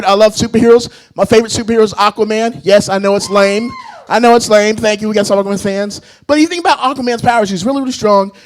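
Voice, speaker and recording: A man performing a self-mocking stand-up comedy set on a club stage, animated and laughing at his own jokes. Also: extremely high pitch.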